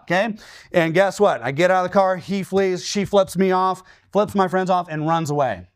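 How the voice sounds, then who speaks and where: A pastor in his forties from Washington state preaching a sermon, telling stories with lively, acted-out quotes and often checking in with "okay?". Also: high-pitched, moderate pace, dry recording, clean studio sound. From Washington state, USA. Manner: animated storytelling, acting out his own quoted lines.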